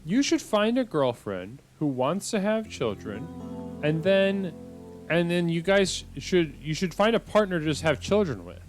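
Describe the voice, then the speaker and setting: A male host doing improvised comedy banter, deadpan and patient, often restarting his sentences. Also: fairly high pitch, moderate pace, faint music behind.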